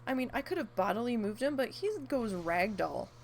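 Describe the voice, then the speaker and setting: A woman's voice: a little high, a little fast, slight background noise. A woman streamer chatting casually and telling a rambling story, acting out the lines she quotes. She sounds stuffy and is losing her voice from allergies. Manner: rambling storyteller, animated when quoting her dog. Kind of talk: casual chat during a live game stream.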